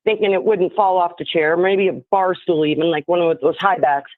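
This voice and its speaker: A woman's voice: on the low side, steady tone, a little fast, dry recording. A woman phones into a live show and rambles through her thoughts, piling up fillers and half-finished sentences. Her voice sits in a middle range and comes through a thin, tinny phone line. The sound is dry and close. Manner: rambling, full of fillers and restarts. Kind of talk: casual speculative chat.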